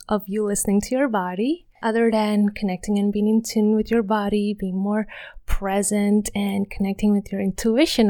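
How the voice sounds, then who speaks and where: A woman with a non-native English accent talks slowly and gently on a self-help podcast, her voice carrying a gravelly fry. She often lowers to a hushed whisper and laughs lightly. The sound is close and dry with no room around it. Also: no room sound. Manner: soft-spoken, slips into whispers, laughs lightly. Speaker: podcast host.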